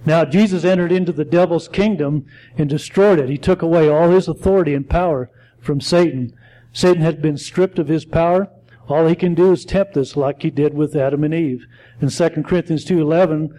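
A man teaching a Bible study in a halting way, often stumbling and correcting himself as he reads and explains. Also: on the high side, warm tone, rough recording.

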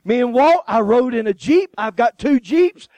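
Preaching as a guest, a man with a very high voice moves at normal speed through a sermon, animatedly telling joking stories, laughing, and performing the characters' voices. It's captured close and dry, without echo or room sound.

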